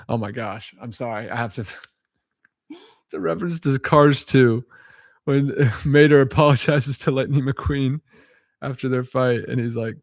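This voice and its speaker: Man, mid-pitched voice, dry close sound, casual vlog, spelling letters out, chuckling, self-correcting. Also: steady tone, moderate pace, long pauses, dry recording. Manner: chuckling often, self-correcting, rambling asides. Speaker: vlogger. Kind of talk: casual reading-aloud vlog.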